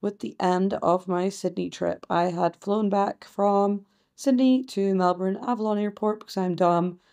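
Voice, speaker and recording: A woman's voice: medium pitch, steady tone, a little slow, dark tone. A young Scottish woman hosting her own podcast diary, self-mocking and playful, sometimes slipping into a sing-song teacher voice. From Scotland. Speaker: podcast host. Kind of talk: chatty solo podcast diary.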